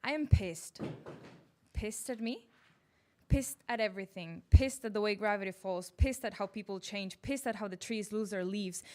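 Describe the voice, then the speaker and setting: A woman performing a short spoken word poem with an angry, repetitive, building rhythm on a poetry cafe stage. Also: medium pitch. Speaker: open mic poet.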